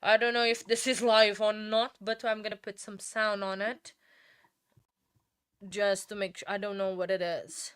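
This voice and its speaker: A woman's voice: medium pitch, flat delivery, a little slow, a bit bright, clear, resonant tone, no room sound, clean studio sound. Chatty woman hosting a livestream. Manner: chatty, many fillers and restarts. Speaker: livestream host. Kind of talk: casual livestream chat.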